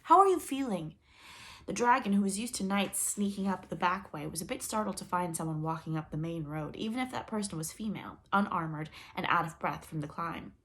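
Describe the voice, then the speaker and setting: A woman reading a children's story aloud with expressive storytelling. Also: on the low side, fairly quick, few pauses. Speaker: storybook reader.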